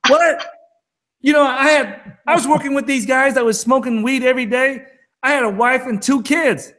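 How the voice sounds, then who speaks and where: A man's voice: extremely high pitch, moderate pace, pushed and bright. A man co-hosting a trading talk show, talking in an emphatic, fired-up rant. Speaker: co-host of a crypto trading show. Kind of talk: casual chat.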